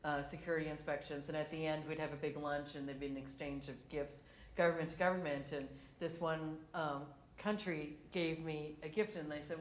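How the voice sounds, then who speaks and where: A woman's voice: deep voice, fairly quick, roomy sound, a little hiss or hum. A woman on a discussion panel, telling work stories and laughing often as she talks. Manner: animated, laughs through her stories. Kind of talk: storytelling on a panel. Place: conference hall.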